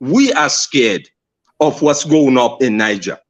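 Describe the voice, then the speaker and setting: A man from Sierra Leone with a Sierra Leonean accent, speaking earnestly and emphatically as a caller in a live discussion, repeating phrases and pausing on fillers. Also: mid-range voice, sing-song. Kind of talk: impassioned call-in discussion.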